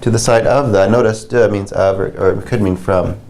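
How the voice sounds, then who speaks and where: A man's voice: lowish voice, fairly even intonation, normal speed, darkish tone. A man teaching beginner French grammar in a patient, conversational way, repeating and explaining examples.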